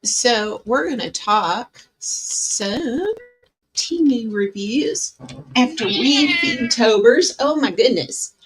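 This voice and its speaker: Woman chatting on her home stream, slow easy pace, kinda high voice. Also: expressive. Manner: chatty, coos baby talk to her cat. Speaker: livestream host. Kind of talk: casual livestream chat.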